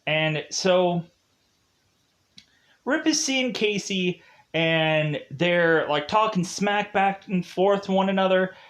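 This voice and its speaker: A man's voice: high-pitched, a bit bright. Laid-back rambling male TV reviewer. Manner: rambling, lots of fillers, laughs often. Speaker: TV show reviewer. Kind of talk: casual spoiler review.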